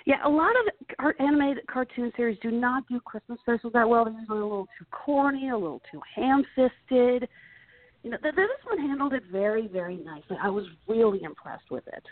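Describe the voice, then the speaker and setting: Higher-voiced woman, tinny dry line. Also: brisk, no room sound. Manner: animated retelling of plots. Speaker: podcast guest. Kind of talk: casual chat.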